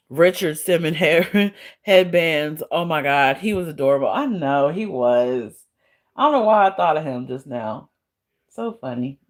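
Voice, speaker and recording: A woman live streamer chatting casually with her viewers, blunt and profane, often breaking into laughter as she answers trolls. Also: low-pitched.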